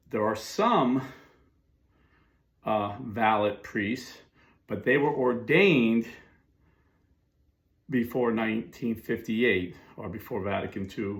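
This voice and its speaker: Chatty middle-aged Catholic commentator, low-ish voice, casual monologue with fillers. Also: male voice. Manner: chatty, with fillers and frequent asides.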